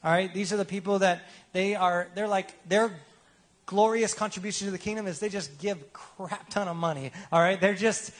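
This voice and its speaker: A man's voice: high-pitched, normal speed. A man preaching a sermon as pastor in a casual, joking way, often asking the congregation for replies.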